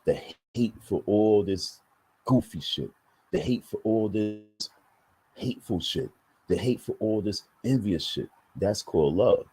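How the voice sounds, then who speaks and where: Husky, low-voiced man ranting. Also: dark tone, poor audio. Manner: emphatic, blunt, profane. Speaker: online commentator. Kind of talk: preachy monologue to viewers.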